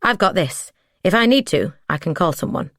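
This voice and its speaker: A woman's voice: on the low side, lively intonation, normal speed, a bit bright, dry recording, studio quality. A woman voicing a nervous, polite older man in an audiobook reading. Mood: politely refusing. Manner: polite, hesitant. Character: nervous older male neighbour, flustered.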